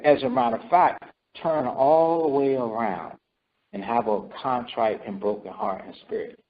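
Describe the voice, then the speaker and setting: A man's voice: mid-range voice, animated, moderate pace, creaky. Preaching man, call-and-response style. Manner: repetitive, calls for responses with "right?" and "okay?". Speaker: teacher leading scripture study. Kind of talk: scripture teaching sermon. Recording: dull lo-fi recording.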